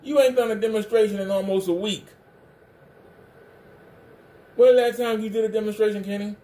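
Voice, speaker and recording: A man's voice: high-pitched, fairly even intonation, fast, mellow. A man hosting a livestream, ranting confrontationally and hammering the same pointed questions. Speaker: livestream commentator.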